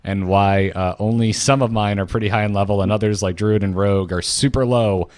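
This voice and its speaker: Low-voiced man, dry close mic. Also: fairly even intonation, brisk, darkish tone, no echo. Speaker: podcast co-host. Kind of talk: casual chat.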